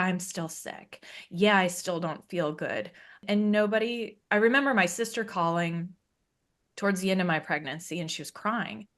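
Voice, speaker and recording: A woman's voice: medium pitch, a bit bright. A woman speaking as an interview guest, telling her own story frankly and conversationally and laughing often. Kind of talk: candid personal story.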